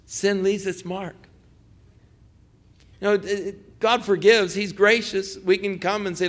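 Male pastor preaching, folksy anecdotes, soars high then sinks to a hush. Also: animated, normal speed. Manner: swings from loud preaching to hushed pleading; folksy storytelling with restarts. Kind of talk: sermon.

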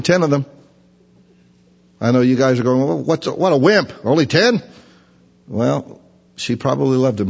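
A man's voice: medium pitch, darkish tone, slightly rough. A man preaching a sermon, teaching through a Bible passage in a folksy, conversational way. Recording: lo-fi recording with long hall reverb.

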